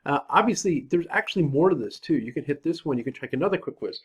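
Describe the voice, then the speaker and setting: Male teacher, upper-middle pitch, casual self-deprecating screen-recording voice-over. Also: lively intonation, fast, breathy edge. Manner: casual, self-deprecating, talks to himself while clicking. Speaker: chemistry teacher. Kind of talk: screen-recorded software walkthrough.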